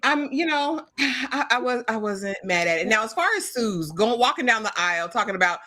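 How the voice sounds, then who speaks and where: Bright-voiced woman, wry and opinionated. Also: a little high, animated. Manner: wry, opinionated, quick asides. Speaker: guest co-host of a recap show. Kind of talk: casual live-stream recap chat.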